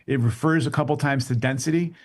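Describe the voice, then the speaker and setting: A man giving a news interview, calmly explaining a bill. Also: medium pitch, fairly quick.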